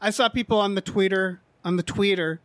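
A man's voice: sits high, fairly even intonation, a little fast, dry recording. A man co-hosting a podcast, chatting casually about movie trailers with many restarts and fillers. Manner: rambling, frequent restarts and fillers. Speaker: podcast co-host.

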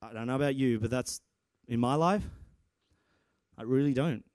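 A young man preaching a sermon in an animated, excitable way, with many restarts and sudden shouts. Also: mid-range voice, moderate pace, no room sound, studio quality. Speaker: preacher and church guitarist. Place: church.

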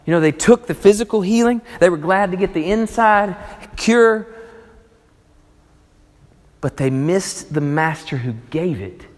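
Guy preaching, kinda high voice, big echoey church hall, goes loud then quiet. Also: animated, measured pace, long pauses. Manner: emphatic, swings between loud and hushed. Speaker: pastor. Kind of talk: sermon. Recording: long reverb of a large hall.

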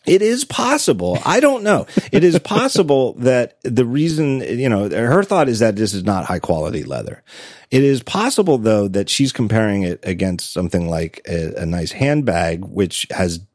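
A man's voice: fairly low pitch, lively intonation, moderate pace, darkish tone, dry recording, clean studio sound. A man hosting a podcast in casual chat, telling stories with frequent laughs and self-corrections. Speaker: podcast host.

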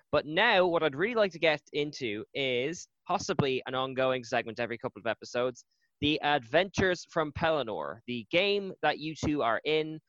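A man's voice: on the high side, fairly bright tone, dry recording. A man hosting a podcast, asking upbeat questions and laughing easily in casual chat. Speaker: podcast host. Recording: dull lo-fi sound.

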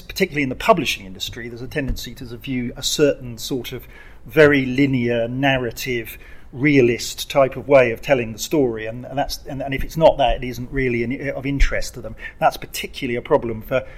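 A man addresses a festival audience from a panel. He talks in a hesitant, self-correcting way, often repeating words as he starts a thought. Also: mid-range voice. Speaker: panel speaker and writer. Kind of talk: festival panel talk with a reading. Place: festival event.

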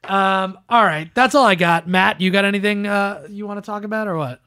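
Podcast host, male, brash and profane, higher-pitched, dry close sound. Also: brisk, clear, resonant tone, dry recording. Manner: loud, swearing, joking, often jumps up in pitch. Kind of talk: casual chat.

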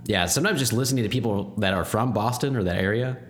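A man co-hosting a podcast in relaxed, chatty conversation, laughing easily. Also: fairly low pitch, fast. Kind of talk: casual chat.

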